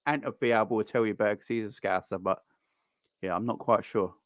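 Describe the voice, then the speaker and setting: A man's voice: on the low side, brisk, no echo, muffled recording. A man hosting a live football watchalong stream, chatting casually and rambling between reactions to the play and greetings to viewers.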